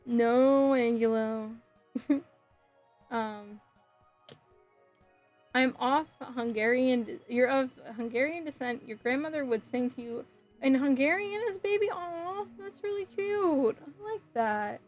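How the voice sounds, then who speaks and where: Giggly New woman, fairly high. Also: slow, darkish tone, dull audio, faint music behind. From New Jersey. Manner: giggly, scattered, answers chat messages aloud. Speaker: livestreamer building a model kit. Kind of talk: casual chat with stream viewers.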